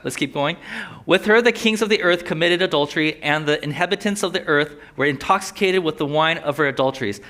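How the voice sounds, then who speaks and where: A young man gives a sermon in an easy, talkative way, tossing in jokes and acting out people's inner thoughts. He speaks with a slight lisp from a sore tongue. His voice is bright and forceful, and it sits a little high for a man. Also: fast talker, few pauses. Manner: conversational, joking asides, voices inner thoughts. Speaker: preacher.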